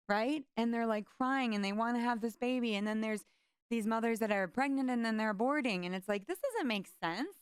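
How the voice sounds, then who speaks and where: A woman hosting an interview show, talking passionately and quickly in bursts. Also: on the high side, clean tone, no room sound, clean studio sound. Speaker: host. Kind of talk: heartfelt interview talk.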